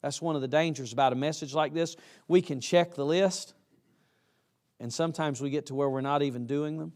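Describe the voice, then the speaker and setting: Emphatic preacher man, high-ish. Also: brisk, darkish tone. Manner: folksy, emphatic, acts out quoted students. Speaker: college preacher. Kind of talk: chapel sermon.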